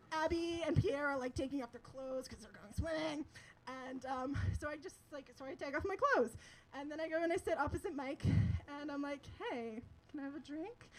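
A woman's voice: high voice, poor audio. A young woman telling a personal story to an audience, chatty and laughing often, with lots of filler words.

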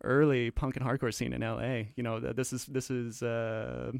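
A man chatting casually as a radio guest about punk records, talking in halting bursts full of stammered restarts. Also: mid-range voice, flat delivery, vocal fry, dry recording.

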